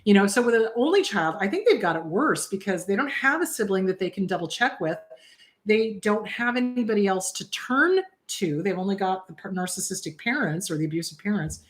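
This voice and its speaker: A woman therapist hosts a relaxed advice show and talks to viewers in a chatty, direct way. She often repeats words for emphasis. Her voice is mid-pitched and sounds a little worn out. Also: brisk. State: slightly worn-out voice. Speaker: therapist host answering viewer questions. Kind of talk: casual live advice talk.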